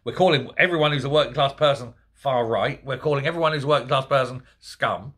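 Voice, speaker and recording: Indignant man, bright and husky. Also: medium pitch, fast. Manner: indignant, sarcastic. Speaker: political commentator. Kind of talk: ranting monologue.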